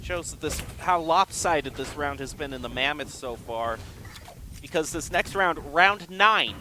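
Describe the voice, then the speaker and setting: A man casting an esports match with brisk, chatty play-by-play and easy laughter. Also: fairly high pitch, expressive, sharp tone, slight background noise. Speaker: esports caster.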